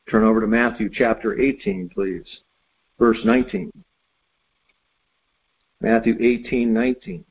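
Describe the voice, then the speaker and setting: A man delivers a sermon in a slightly husky voice, telling a homely story before reading scripture aloud. The recording is somewhat dull. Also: mid-range voice, lively intonation, unhurried, pauses often. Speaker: preacher.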